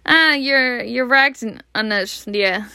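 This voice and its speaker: A woman's voice: on the high side, slow, sharp tone, clear, resonant tone, dry recording, clean studio sound, full character voice. A woman with a Scottish accent voicing a nervous, fussy middle-aged husband who talks hesitantly in a storybook reading. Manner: hesitant, edgy.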